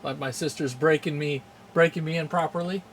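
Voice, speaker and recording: A man's voice: on the high side, steady tone, a little fast, slight background noise. Chatty, rambling male game streamer. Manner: rambling, chuckles often, greets chat viewers. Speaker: streamer hosting a game channel. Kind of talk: casual live-stream chat.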